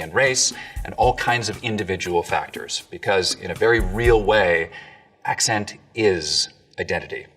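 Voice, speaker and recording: A man, a dialect coach, explaining accents in an educational video with clear, lively delivery. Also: lowish voice, far from the mic.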